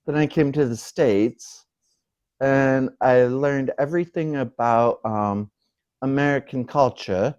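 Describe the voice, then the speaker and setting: An older man born in the UK, a guest on an interview show, speaking in a joking, halting way. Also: mid-range voice, a little mellow, clear, resonant tone, dull audio.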